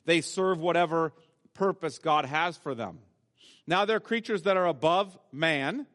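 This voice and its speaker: A man with a notably high voice preaches from the pulpit, pressing on key words and reading scripture aloud. His voice rings out with a long church reverb behind it. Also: a bit bright. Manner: emphatic preaching, reads scripture aloud, slows for stress. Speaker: pastor. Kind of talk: sermon. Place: church sanctuary.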